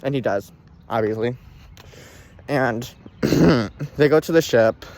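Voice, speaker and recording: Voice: mid-range voice, slow pace, darkish tone. A young vlogger reviewing a film in a dramatic, exclamatory way, swinging from groans to shrieks and talking straight to viewers. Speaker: movie reviewer. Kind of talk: casual vlog review.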